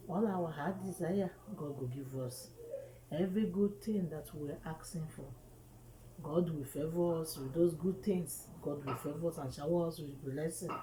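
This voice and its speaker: Nigerian woman telling a comic story. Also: fairly low pitch. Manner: animated storytelling in Pidgin with sound effects. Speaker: comedian. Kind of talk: comic monologue to camera. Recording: echoey room with faint noise.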